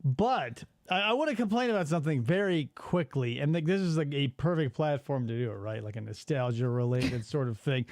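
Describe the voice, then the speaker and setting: A man in his forties hosting a casual podcast, ranting in an exasperated, animated way and swearing freely. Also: mid-range voice, a little fast, hardly any pauses, no room sound, studio quality. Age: 40s. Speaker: podcast host.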